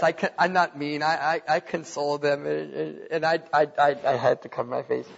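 A man preaching a sermon in a lively, animated way, laughing at his own stories and reading scripture aloud. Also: fairly high pitch, normal speed, vocal fry, hardly any pauses, highs cut off. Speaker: pastor.

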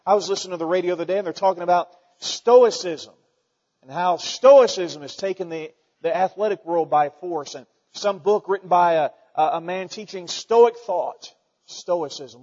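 A man preaching a folksy, animated sermon to his church, swinging between loud declarations and quiet asides. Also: high voice, normal speed. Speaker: pastor. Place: church sanctuary. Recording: dull sound with long hall reverb.

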